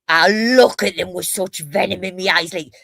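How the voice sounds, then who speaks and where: A woman from Newcastle with a Geordie accent, chatting casually as a co-host, fast-talking, blunt and full of swearing. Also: fairly low pitch, creaky, fairly bright tone, no echo. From Newcastle, England. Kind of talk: casual chat.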